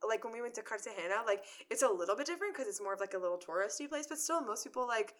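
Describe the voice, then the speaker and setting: Chatty young woman, bright and forward voice, rambling storyteller. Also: on the high side, expressive, very fast. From Chicago area. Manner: chatty storyteller, many "like" fillers, acts out quotes. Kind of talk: casual chat.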